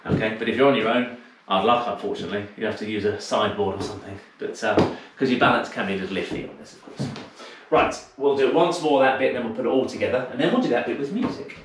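A man's voice: mid-range voice, quick pace. A man teaching a live online dance class, counting the steps aloud in rhythm and explaining them in a chatty way between counts, a little out of breath. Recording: echoey room, distant mic, noisy.

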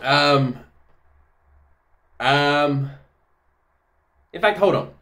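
A woman hosting a reaction video from her home office, talking casually and excitedly, exclaiming and laughing often. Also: deep voice, drawn-out words.

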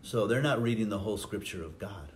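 A man's voice: fairly low pitch, fairly quick, a little hiss or hum. A man preaching a sermon as pastor, acting out quoted lines with a lifted voice. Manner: preaching, acts out quotes with rising voice.

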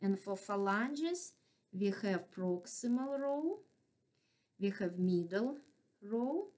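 A woman's voice: medium pitch, sing-song, slow, a little mellow. A woman with a non-native English accent teaching anatomy, patiently naming structures and checking in with frequent questions. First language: not English. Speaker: anatomy instructor. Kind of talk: classroom lecture.

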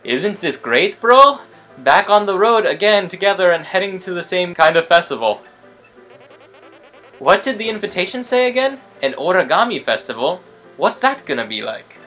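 A man doing an eager, chatty video game plumber brother, pitched up and speaking in a vague put-on accent. The delivery is lively and sing-song. Quiet game music runs behind. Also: moderate pace, exaggerated voice.

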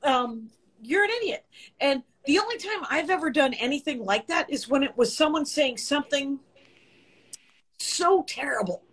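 A woman's voice: sits high, expressive, moderate pace, a bit bright. A middle-aged woman comedian hosting a casual podcast chat, rambling and profane. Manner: rambling, profane, laughs easily.

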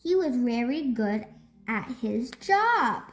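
A woman reads a children's picture book aloud as a storytime host. Her voice sits fairly high and moves about lively, stretching words out at an unhurried pace. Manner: expressive, slow storytelling with drawn-out words.

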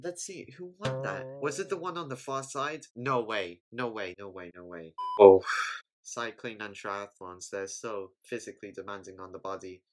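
A host giving casual, excitable reaction commentary on sports clips, often repeating exclamations. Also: mid-range voice, normal speed.

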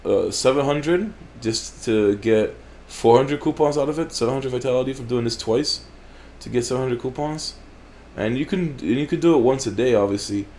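A man's voice: medium pitch, normal speed, a little mellow, slight background noise. A man hosting a gaming channel, giving casual gameplay commentary in a blunt, heavily profane way. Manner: profane, blunt, frequent swearing.

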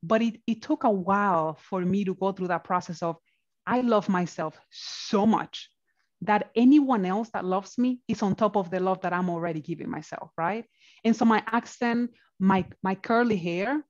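Woman guest speaker, encouraging, mid-pitched, dull lo-fi call audio. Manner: encouraging, often ends points with "right?". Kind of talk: motivational panel conversation.

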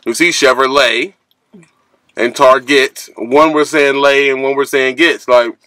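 A man's voice: medium pitch, fairly even intonation, measured pace, bright, forceful tone, no echo. A man who drives a truck, chatting casually with his partner in a joking, slangy and profane way. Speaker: trucker vlogger. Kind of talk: casual chat. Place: truck or sandwich shop.

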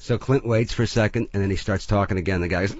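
A man guesting on a radio show, telling quick, profane anecdotes and acting out the quotes. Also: lowish voice, fairly even intonation, a little mellow, dry recording. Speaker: guest comedian and actor. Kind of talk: casual radio chat, storytelling. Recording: dull lo-fi radio audio.

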